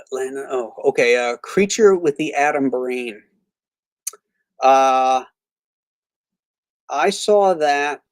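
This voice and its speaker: A man's voice: medium pitch, lively intonation, slow, pauses often, no echo. A man from Florida hosting a casual live stream, rambling with many fillers and restarts, blunt about what he dislikes. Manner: blunt and opinionated. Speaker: host of a live movie stream; reads viewer comments aloud.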